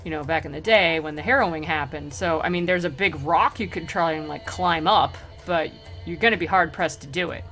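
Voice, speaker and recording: A woman's voice: sits low, brisk, fairly bright tone, faint music behind. A woman voicing a blunt medieval friar who is exasperated and offhand, in a casual storytelling reading.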